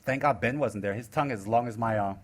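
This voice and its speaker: A man in his forties from the United States, giving a live Buddhist teaching with teasing, sarcastic, animated delivery. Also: mid-range voice, quick pace, slight background noise. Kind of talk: live dharma talk.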